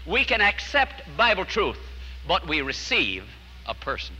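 Male preacher, slightly high, very bright voice, earnest storytelling sermon. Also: huge pitch swings, a little slow, long reverb tail, slight background noise, low-quality recording. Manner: earnest, storytelling preacher who drops to a hush at key lines.

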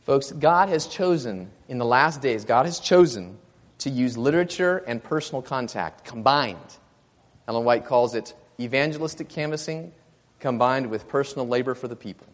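A man preaching a sermon, telling a story and rising to loud exclamations. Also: mid-range voice, expressive, moderate pace, in a large hall.

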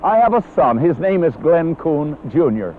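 A man's voice: fairly high pitch, sing-song, normal speed. A man preaching a sermon, earnest and emphatic, citing scripture verses as he goes. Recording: tinny phone-like old recording with faint hiss.

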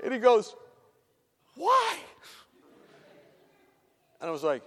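A man preaches through a story, acting out each voice and sinking into whispers at the quiet moments. His voice sits high for a man. The sound carries a long reverb from a large hall. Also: moderate pace. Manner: animated, acts out voices, drops to whispers. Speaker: speaker telling a story from his hospital work. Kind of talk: sermon storytelling.

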